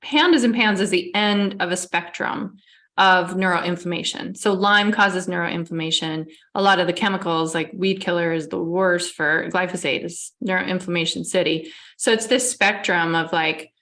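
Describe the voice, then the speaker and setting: A woman, an interview guest and a mother, explaining things in quick run-on lists during a casual chat. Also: on the low side, fairly bright tone.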